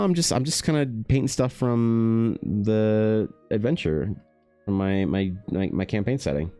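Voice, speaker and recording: Deep-voiced man rambling on a stream. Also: normal speed, mellow, faint music behind. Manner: rambling and profane, with sudden jumps up in pitch. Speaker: artist streaming while painting. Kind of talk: casual livestream chat.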